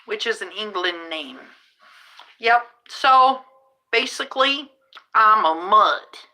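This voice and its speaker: A woman's voice: mid-range voice, expressive, takes it slowly, sharp tone, poor audio. A middle-aged woman, a rideshare driver, hosting a podcast in a casual, rambling way, often restarting her sentences. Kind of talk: casual chat.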